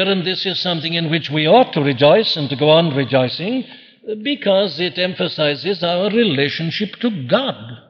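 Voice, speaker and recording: A man's voice: high voice, fairly bright tone, in a large hall, muffled recording. A man preaching a sermon earnestly, posing questions and answering them himself. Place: church.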